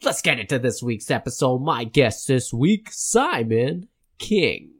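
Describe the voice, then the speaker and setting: A man's voice: mid-range voice, sing-song, measured pace. A man in his thirties hosting a comedy podcast in casual chat, laughing often and swearing freely. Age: 30s. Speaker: podcast host.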